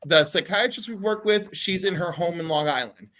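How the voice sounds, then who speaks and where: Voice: mid-range voice, normal speed. A guest on a casual online panel, telling a story animatedly and acting out what other people said. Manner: animated storyteller, acts out quotes. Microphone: video call.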